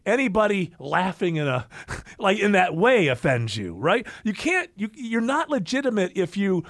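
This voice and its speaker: A man's voice: sits high, big pitch swings, moderate pace, a bit bright, no room sound, clean studio sound. A man hosting a casual podcast chat, talking in a rambling way with many restarts. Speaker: podcast host.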